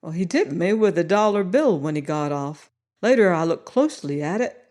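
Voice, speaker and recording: A woman's voice: lowish voice, expressive, normal speed, a little mellow, natural voice. A woman voicing a worried, polite male train porter in an audiobook reading.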